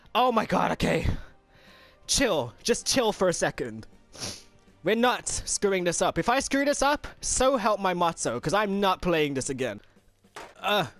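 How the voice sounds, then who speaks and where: A young man giving let's play commentary, frustrated and swearing, yelling at the game. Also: sits high, no room sound. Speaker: gameplay commentator.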